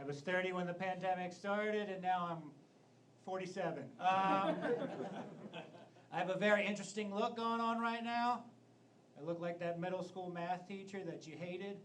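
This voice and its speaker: A man in his thirties doing a deadpan stand-up comedy set on a club stage. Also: high-pitched. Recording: noisy live club recording.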